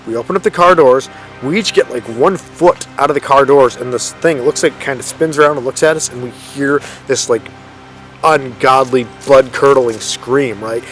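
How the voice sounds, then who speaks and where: A man's voice: mid-range voice, moderate pace, fairly bright tone, soft background music. Rambling man telling a ghost story. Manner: rambling, self-correcting, filler-heavy. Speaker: paranormal storyteller vlogger. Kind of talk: casual spoken ghost story. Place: outdoors in a forest.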